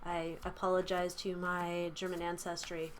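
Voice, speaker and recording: A woman's voice: fairly low pitch, monotone, normal speed, noisy background. A young adult woman hosting a casual tarot reading vlog from a small room at home, rambling and giggly. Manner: chatty, rambling, giggly asides. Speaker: tarot reader. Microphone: camera mic.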